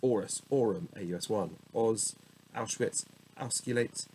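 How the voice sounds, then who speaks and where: A man's voice: fairly low pitch, unhurried, darkish tone, a little hiss or hum, rough recording. A man reading dictionary entries aloud one after another, muttering and correcting himself with wry asides. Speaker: solo reader of a dictionary. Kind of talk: reading word lists aloud.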